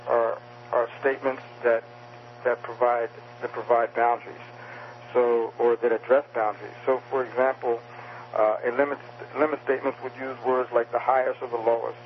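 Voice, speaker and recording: A man's voice: mid-range voice, slight background noise. Hesitant man on a dull radio line. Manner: hesitant, many restarts and fillers. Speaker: author and guest. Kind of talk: interview explaining communication skills.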